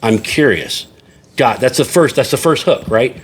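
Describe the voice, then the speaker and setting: A man's voice: medium pitch, moderate pace. A man hosting a casual chat over drinks, joking and swearing, laughing often. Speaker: podcast host.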